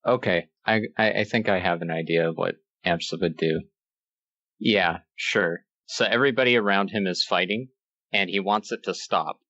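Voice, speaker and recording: A man's voice: low-pitched, moderate pace, pushed and bright, no echo. A man playing in a tabletop game, thinking aloud and hesitant as he decides what his character does. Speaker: player. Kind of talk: casual tabletop play. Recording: dry, dull lo-fi recording.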